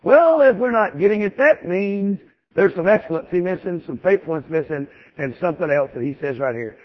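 A preacher delivers a folksy, emphatic sermon and hammers his points home through repetition. His voice sits high for a man. The recording is dull and dry, with little room sound. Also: lively intonation, a little fast, dry recording.

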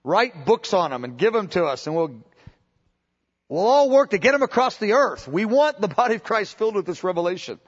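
A man's voice: high-pitched, very animated, fairly quick, breathy edge. A man preaching a sermon with passion, often restarting his sentences and acting out quotes from scripture. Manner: impassioned, with many restarts and acted-out quotes. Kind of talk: sermon teaching. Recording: dull lo-fi sermon recording.

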